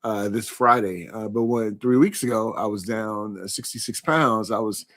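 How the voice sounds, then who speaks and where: A man's voice: on the low side, steady tone, normal speed, fairly bright tone. A man hosting a casual live interview, asking questions and chatting freely. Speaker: interview host.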